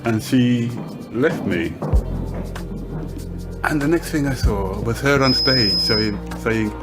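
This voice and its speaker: An older man touched by tells stories in an animated, playful way, laughing and doing voices. His pitch sits in the middle of the range, and music plays underneath. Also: slow pace. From Birmingham, England. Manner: animated storyteller, slips into character voices and laughs. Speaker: interviewee, poet. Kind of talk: storytelling interview.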